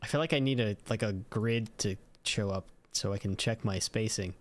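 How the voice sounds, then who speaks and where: A man chatting casually with friends during a game, relaxed and amused. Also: lowish voice, normal speed. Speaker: gaming friend. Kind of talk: casual gaming chat.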